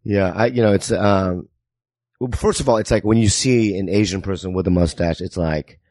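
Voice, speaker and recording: A man's voice: deep voice, normal speed, darkish tone, no room sound. A man guesting on a comedy talk show, laid-back and self-deprecating, often checking in with "you know what I mean". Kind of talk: casual comedic chat.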